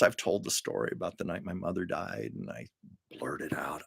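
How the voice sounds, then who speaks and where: A man's voice: low-pitched, expressive, moderate pace, creaky, a bit bright, slightly rough, no room sound, clean studio sound. An older man telling personal stories on his live stream in an earnest, emotional way, often restarting his sentences. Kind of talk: casual storytelling on a live stream.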